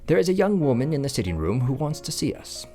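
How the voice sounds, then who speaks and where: A dad voicing a calm, clever detective, attempted british accent, higher than his own voice, lively, faint music in the background. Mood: hushed. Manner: brisk, precise, gently reassuring. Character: sharp, calm male Victorian detective.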